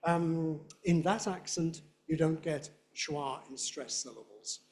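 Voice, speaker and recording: A middle-aged man with a Southern British accent giving a playful, animated lecture on phonetics and demonstrating sounds aloud. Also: a little high, slow. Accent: Southern British English. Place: lecture hall.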